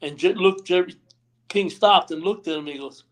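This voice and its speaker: A man's voice, a touch higher than usual and rough with gravel, tells long backstage stories on a live stream call. He rambles, acts out other people's lines, and checks in with "you know what I mean" again and again. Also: fairly quick. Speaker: retired pro wrestler, guest. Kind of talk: storytelling interview. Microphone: remote live stream call.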